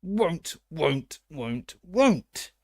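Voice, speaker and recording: A man voicing a spiteful, stubborn male house elf with a croaking voice that keeps chanting its refusals. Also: on the high side, very animated, very slow, no echo, clean studio sound, pitched above the performer's own voice, exaggerated voice. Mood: stubborn, wailing.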